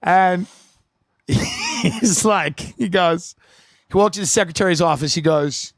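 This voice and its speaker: A man telling a comedic story, animated and profane, acting out the people in it with bursts of shouting. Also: sits high, slow pace, no echo.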